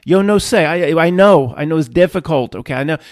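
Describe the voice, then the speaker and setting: Booming spirit higher self guy, a man doing the voice, blunt and kinda loud, no room sound. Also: fairly quick, dry recording, clean studio sound, lightly acted. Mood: brisk. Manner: booming, matter-of-fact.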